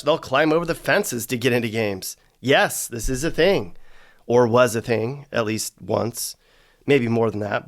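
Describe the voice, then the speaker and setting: A man hosting a comedic scripted narration, slipping in dry, sarcastic deadpan asides. His voice sits at an ordinary middle pitch with faint music underneath. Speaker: host.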